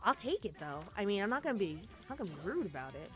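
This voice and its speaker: A woman streamer talks fast in a mid-range, sing-song voice, casually narrating and frequently exclaiming as she plays an online game. Soft game music runs in the background.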